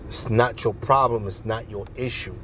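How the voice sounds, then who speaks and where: A man's voice: on the low side, fairly even intonation, normal speed, pushed and bright, slight background noise. Blunt New street preacher, a man. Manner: blunt, confrontational, profane. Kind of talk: open-air street preaching.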